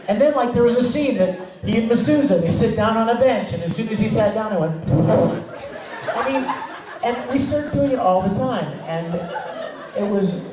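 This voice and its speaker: Animated man in an echoey hall. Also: extremely high pitch, moderate pace, a loud crowd, heavy background noise. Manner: animated, emphatic, laughs while telling stories. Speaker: voice actor, convention panel guest. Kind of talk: convention panel storytelling. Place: large convention hall. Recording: echoey hall recorded from far off.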